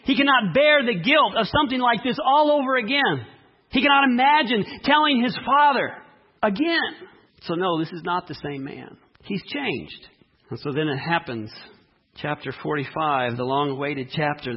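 A man preaching a sermon, reading scripture dramatically and speaking with emphasis and long pauses. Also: high-pitched, husky, muffled recording. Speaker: pastor.

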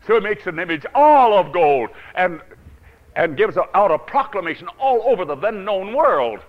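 A male preacher telling a Bible story in a dramatic sermon, swinging from loud to hushed and chuckling often. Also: sits high, big pitch swings, moderate pace, muffled recording.

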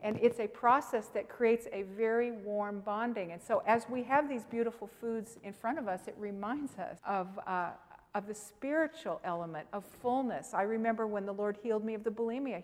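Woman seminar presenter, emphatic and animated, long hall reverb. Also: mid-range voice, normal speed. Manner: emphatic, animated, talks to the audience directly. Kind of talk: lively teaching with personal stories.

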